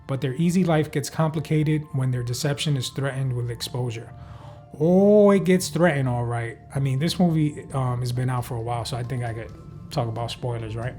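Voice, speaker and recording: A man's voice: medium pitch, fairly even intonation, brisk, a little mellow, faint music behind. Rambling man recapping a film. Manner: loose, joking, swears freely, many fillers. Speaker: podcast host reviewing a film.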